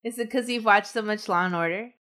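A woman's voice: medium pitch, fast talker, pushed and bright. A woman co-hosting a podcast, telling a true-crime story in casual chat and trading jokes along the way. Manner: recounts the case, breaks off to joke with co-hosts. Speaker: podcast co-host, case narrator.

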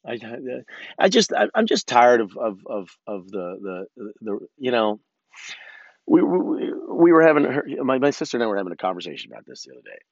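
A man's voice: medium pitch, dry recording. A man hosting a solo podcast, rambling and swearing, with lots of false starts and flashes of political ranting. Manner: rambling and profane, with frequent restarts. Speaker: podcast host. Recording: dull, dry lo-fi recording.

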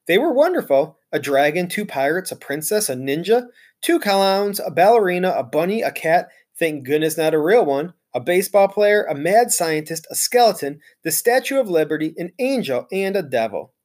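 A male teacher reading a children's chapter book aloud, narrating in an expressive, storytelling way. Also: a little high, moderate pace.

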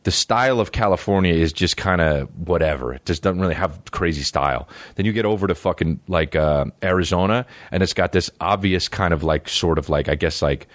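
Dude comedian rambling on his podcast, swears a lot, kinda low voice, dry studio mic. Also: a little fast, hardly any pauses, dry recording. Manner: profane, loose and meandering, full of fillers. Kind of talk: rambling casual storytelling. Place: recording studio.

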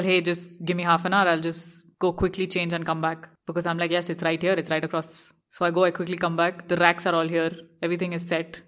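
A woman's voice: fairly low pitch, fairly bright tone. A young woman, a fashion designer, telling a personal story and acting out her own anxious thoughts with animation.

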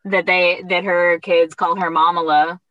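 A woman's voice: fairly low pitch, little pitch movement, unhurried, muffled recording. A woman co-hosting a podcast, chatting casually about politics in a blunt, outspoken way. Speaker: podcast co-host.

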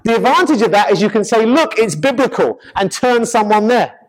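A man preaching a sermon as pastor, animated and acting out scenes. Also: high-pitched, a little fast, long reverb tail, low-quality recording. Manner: animated, acts out scenes with laughter.

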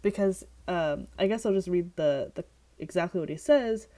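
A woman with a somewhat low voice co-hosts a casual book-discussion podcast. She talks in a loose, chatty way, leaning on "like" and stopping to read passages aloud. She sounds like she is on a remote call with her co-host. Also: moderate pace, warm tone. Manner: chatty, heavy use of "like", reads passages aloud.

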